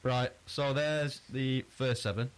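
A man hosting a casual quiz on a podcast, chatty and relaxed, often restarting his sentences. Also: mid-range voice, takes it slowly, a little hiss or hum. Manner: chatty, easygoing, frequent restarts. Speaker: quizmaster.

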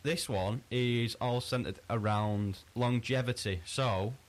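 A relaxed man reads out quiz questions in easy, conversational chat. He talks in a mid-range voice, loose and unhurried, and circles back over his own words. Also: mid-range voice. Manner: chatty, easygoing, frequent restarts. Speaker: quizmaster. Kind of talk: casual podcast chat.

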